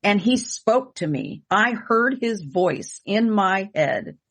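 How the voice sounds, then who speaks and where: A woman's voice: medium pitch, sing-song, slow pace, fairly bright tone, husky. A woman co-hosting and telling a personal story in an earnest, emotional way, often repeating herself for emphasis. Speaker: medium and co-host. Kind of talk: candid conversational storytelling.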